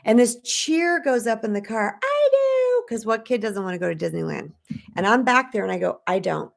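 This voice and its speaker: A woman's voice: medium pitch, lively intonation, a little fast, creaky. A woman in her fifties from the United States, a spiritual coach telling a personal story to live viewers in a candid, chatty way and acting out the voices she quotes.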